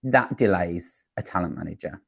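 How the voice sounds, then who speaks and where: A man's voice: deep voice, expressive, normal speed, creaky, breathy edge, no room sound, studio quality. A man, a talent manager and producer, answering interview questions in an earnest, advisory way with frequent fillers and restarts.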